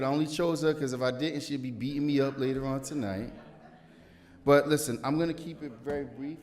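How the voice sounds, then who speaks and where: A city councilman reads an award proclamation at a civic ceremony, his mid-range voice fairly quick with fairly even intonation. Between the formal lines he slips in joking asides to the audience, warm-hearted emcee patter.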